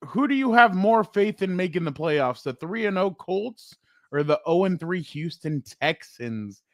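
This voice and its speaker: A man co-hosting a casual sports podcast, animated and playful, quick to joke. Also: high-pitched, slight background noise. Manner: animated, breaks into playful repeated exclamations. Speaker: podcast co-host.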